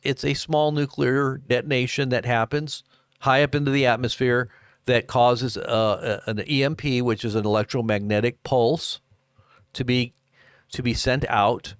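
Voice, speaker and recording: A man's voice: medium pitch, normal speed, clean tone, no room sound, clean studio sound. Rambling American man hosting live commentary. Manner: rambling, many fillers and restarts. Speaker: live news commentary host.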